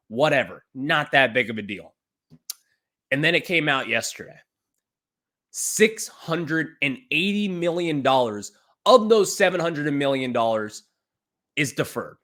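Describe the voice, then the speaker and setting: A man's voice: fairly high pitch, a bit bright. A man hosting a sports podcast, ranting emphatically about a baseball contract. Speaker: podcast host.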